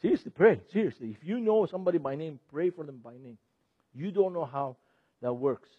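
A middle-aged man, a ministry speaker teaching an audience in a sermon style. He talks in an animated way, laughs often and puts questions to the audience. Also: on the high side, a little fast, breathy edge, no echo. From Lebanon. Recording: dull, dry lo-fi recording.

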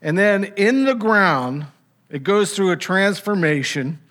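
A man's voice: sits high, lively intonation, a little slow, a bit bright. A man preaching a sermon, teaching in an emphatic, conversational way with rhetorical asides.

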